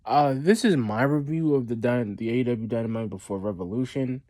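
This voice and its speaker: A man's voice: medium pitch, fairly quick, mellow. A man hosting his own wrestling review show, talking casually and rambling with lots of fillers and restarts. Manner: rambling, repeats himself, many fillers and restarts. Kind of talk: casual solo review vlog.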